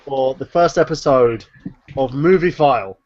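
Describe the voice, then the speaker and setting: A man's voice: mid-range voice, measured pace, a little mellow, muffled recording. A man in a casual group chat, teasing the others with jokes. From London. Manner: joking, teasing banter. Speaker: guest.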